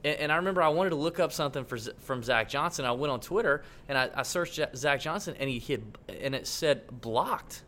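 A man co-hosting a podcast, telling a long story in a casual, rambling, animated way. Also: medium pitch, fairly quick, few pauses, slight background noise. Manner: animated, rambling, acts out quotes. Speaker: podcast co-host.

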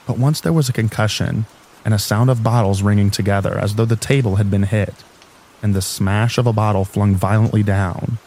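Male narrator, low and mellow, calm measured reading. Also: slight background noise, poor audio. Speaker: audiobook narrator. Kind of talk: scripted narration of a classic novel.

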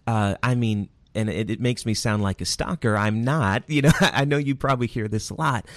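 A man's voice: fairly low pitch, normal speed, no room sound. A man hosting a casual interview, affirming his guest often. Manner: affirming, warm listener with short interjections. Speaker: interview host.

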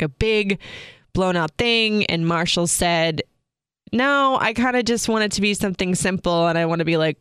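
A young woman, co-host of a podcast, telling a personal story candidly with many filler words and soft laughs. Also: on the low side, clear, resonant tone, dry recording, studio quality.

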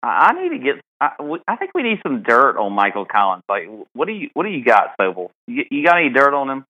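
Lively-toned co-host on a phone line. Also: male voice, mid-range voice, quick pace. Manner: playful, teasing questions. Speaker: podcast co-host. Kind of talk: casual podcast chat.

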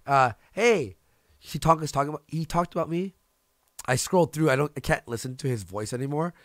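Gravelly, ranting man. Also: fairly high pitch, a little fast, a bit bright, no echo, clean studio sound. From Canada. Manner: ranting, profane, repeats himself. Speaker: streamer host. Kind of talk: heated casual chat.

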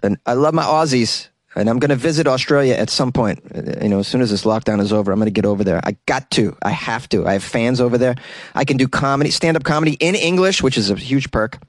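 A man's voice: mid-range voice, fast talker, dry recording. A man hosting his own comedy podcast, talking solo in a wry, rambling way and laughing at his own jokes, recorded in a small closet. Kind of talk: casual solo podcast monologue.

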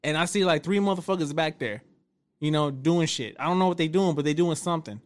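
Man, casual chat, animated storyteller, acts out quotes, curses a lot. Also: fairly high pitch, quick pace. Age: adult, married.

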